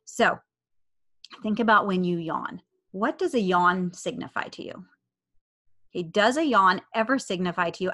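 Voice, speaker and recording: A woman's voice: mid-range voice, expressive, normal speed, long pauses, a bit bright. A woman in her thirties hosting a podcast. She coaches listeners in a casual monologue, repeats key phrases and acts out their inner voices.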